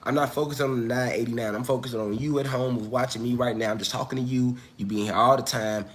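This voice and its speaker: A man's voice: mid-range voice, steady tone, fast talker. A man hosting a casual livestream at home, talking straight to his viewers in loose slang, with a cough as he gets over an illness. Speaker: livestream host.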